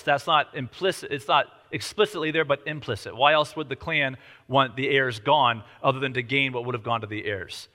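A man's voice: mid-range voice, normal speed, hardly any pauses, bright, forceful tone, big-room sound. A man preaching a sermon, explaining scripture in a conversational, explanatory way.

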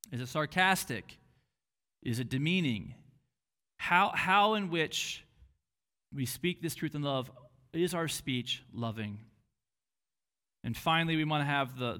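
A man's voice: a little high, a bit bright. A man preaching a sermon, earnest and questioning, who now and then acts out a harsh inner voice. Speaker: pastor.

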